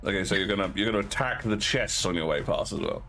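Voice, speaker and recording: A man's voice: deep voice, quick pace, vocal fry, bright, forceful tone, soft background music. A man running a tabletop game as dungeon master, talking with many fillers and restarts.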